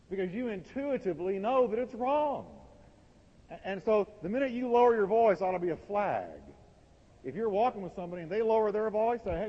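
Man preaching, emphatic, lively swings in pitch, long church reverb, muffled sound. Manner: emphatic, preaching with sudden loud and quiet swings. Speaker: pastor. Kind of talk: sermon. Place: warm church sanctuary. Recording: dull, reverberant church recording.

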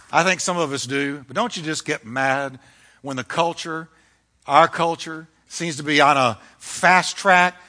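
A male pastor delivering a fiery, emphatic sermon, swinging between loud declarations and hushed lines. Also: fairly high pitch. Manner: fiery, emphatic preaching with dramatic shifts.

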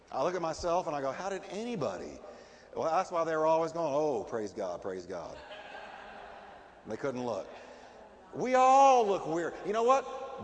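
A middle-aged man preaching a sermon as a pastor, emphatic and animated, often asking his listeners questions. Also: a little high. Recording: long hall reverb.

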